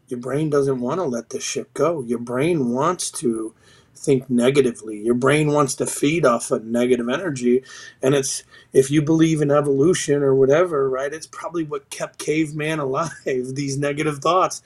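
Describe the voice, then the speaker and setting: A man's voice: medium pitch, steady tone, moderate pace, darkish tone, slightly rough. A middle-aged man talks as a podcast guest. He speaks bluntly and swears freely while he tells stories. His voice sits in a plain mid range. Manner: blunt, profane, storytelling. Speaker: podcast guest, retired sergeant major. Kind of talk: casual interview chat.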